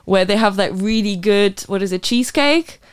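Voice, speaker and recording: A woman co-hosting a casual group chat, playful and quick to laugh while asking questions. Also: medium pitch, clean tone, no room sound. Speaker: podcast co-host asking questions.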